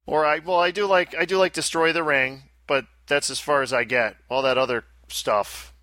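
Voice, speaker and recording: Bright-voiced joking podcast co-host man. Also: fairly high pitch, steady tone, moderate pace. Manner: joking, self-deprecating banter. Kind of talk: casual pinball podcast chat.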